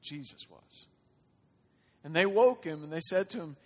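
A man preaching a sermon, shifting from quiet, conversational talk to loud, impassioned urging. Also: fairly high pitch, brisk. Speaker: pastor. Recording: long reverb of a large hall.

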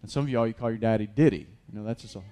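A man's voice: lowish voice, rapid-fire, dark tone. A man preaching a sermon as a pastor, conversational with many fillers and restarts, building to emphatic peaks.

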